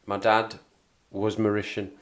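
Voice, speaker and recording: West Midlands bloke hosting a chatty live stream, rambling, laughs a lot, lowish voice. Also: male voice, completely flat delivery, a little slow. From Wolverhampton area, England. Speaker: livestream host. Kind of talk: casual livestream chat.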